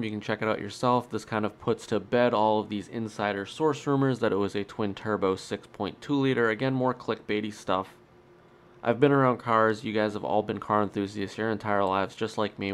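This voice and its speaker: A man hosting his own car channel, talking in an upbeat, chatty and emphatic way with a nasal voice. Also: fairly low pitch. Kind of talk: solo vlog commentary.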